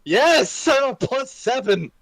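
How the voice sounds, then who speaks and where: A man's voice: very high voice, sing-song, slow, a bit bright. A young man playing a tabletop game, brash and joking, swearing freely. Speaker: player. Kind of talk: casual tabletop game chat.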